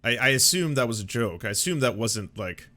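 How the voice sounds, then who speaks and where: A man's voice: mid-range voice, animated, a little fast, pushed and bright. A man hosting a reaction video, swearing in exasperation and reading passages aloud. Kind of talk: profane reaction commentary.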